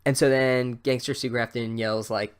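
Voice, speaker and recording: A man's voice: mid-range voice, steady tone, normal speed, smooth. Sarcastic, profane male book recapper. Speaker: podcast host.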